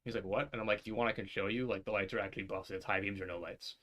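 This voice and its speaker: Fast-talking man telling a rambling story. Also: on the low side, steady tone, a bit bright. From New York area. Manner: rambling and profane, acts out quoted voices. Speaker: podcast co-host. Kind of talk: casual storytelling chat.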